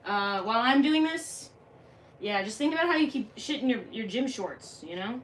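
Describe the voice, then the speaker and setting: A woman's voice: fairly high pitch, animated, normal speed, slight background noise. A woman livestreamer reading and answering chat in a jokey, crude, casual way. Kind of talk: casual live-stream chat.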